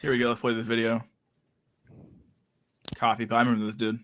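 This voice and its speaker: A man hosting a casual chat show, telling stories in an animated, profane way and acting out everyone's reactions. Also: mid-range voice, brisk, background noise. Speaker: podcast host.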